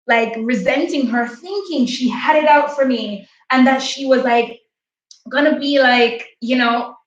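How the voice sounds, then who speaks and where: With an unhurried, high-pitched voice, a woman in her late twenties tells a personal story on her livestream, candid, heartfelt and chatty. The sound is muffled and echoey, as if recorded from a distance.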